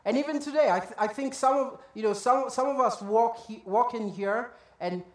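A pastor delivers a sermon in a chatty, conversational way, tossing in asides and acting out little quotes. The voice sits at a middle pitch, and the church hall rings with a noticeable echo. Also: moderate pace. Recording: echoey room.

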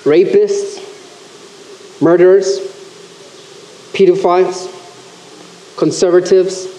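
A man preaching a sermon in church, animated and acting out the voices he quotes. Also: high-pitched, slow pace. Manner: animated, acts out quoted voices, self-correcting. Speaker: pastor. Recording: roomy church echo.

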